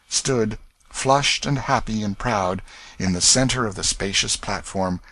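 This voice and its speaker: A man reading a classic novel aloud as an audiobook narrator, in a steady storytelling manner. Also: lowish voice, no room sound.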